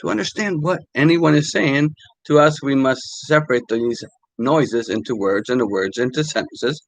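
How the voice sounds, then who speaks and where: An older man, a language teacher, talking casually and haltingly with many fillers while reading quotes aloud. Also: medium pitch, creaky, dry recording, rough recording.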